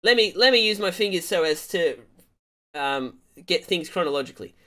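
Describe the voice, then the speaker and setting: Animated, rambling male game streamer. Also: high voice, moderate pace. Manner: rambling, playful, jumps into loud excited outbursts. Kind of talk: comic storytelling to stream chat.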